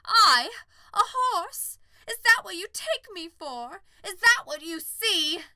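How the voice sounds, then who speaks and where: A woman reading an audiobook, voicing a proud ancient female unicorn who is haughty, wondering and quick to shrill outrage. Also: bright, forceful tone, no room sound. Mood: indignant. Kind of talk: audiobook character voice.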